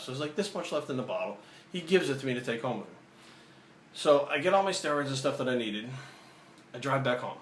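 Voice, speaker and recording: Male vlogger, brash storyteller, mid pitch, echoey room. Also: brisk, long pauses. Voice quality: profane, animated, acts out the dialogue. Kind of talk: casual storytelling. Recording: roomy echo, faint ambient noise.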